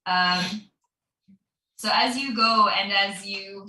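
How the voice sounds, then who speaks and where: A woman's voice: mid-range voice, takes it slowly, bright, forceful tone, reverberant, distant mic, poor audio. A woman running a tabletop game as dungeon master, narrating the action loosely with plenty of fillers.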